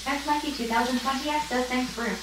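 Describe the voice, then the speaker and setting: High-voiced woman reading out chat. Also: fairly even intonation, fairly quick, background noise. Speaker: chat reader on a livestream. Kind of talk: reading viewer comments aloud. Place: home kitchen. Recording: very echoey kitchen, mic far off. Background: food frying and sizzling.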